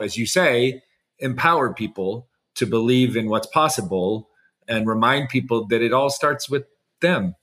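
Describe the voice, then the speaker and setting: A man co-hosting a podcast, chatting casually and warmly, with many fillers like "like". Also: on the low side. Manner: effusive, heavy use of "like", warm praise. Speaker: podcast co-host. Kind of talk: casual chat.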